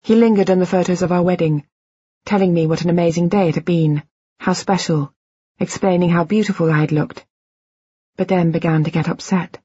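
A woman narrating a novel in the first person, measured and quiet. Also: on the low side, fairly even intonation, slightly rough, no room sound, muffled recording. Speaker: audiobook narrator.

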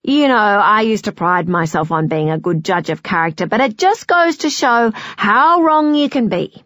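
A woman voicing an angry, loud woman scolding a friend down the phone in an audiobook. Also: mid-range voice, lively intonation, moderate pace, no echo, studio quality, lightly acted. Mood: indignant. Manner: loud, scornful, accusing.

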